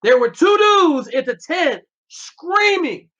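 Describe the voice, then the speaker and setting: With lively intonation, a high, fairly bright voice and normal speed, the former Navy SEAL shares a story on a podcast, blunt and swearing as he plays out the dialogue. It's a casual storytelling interview in slightly dull lo-fi audio.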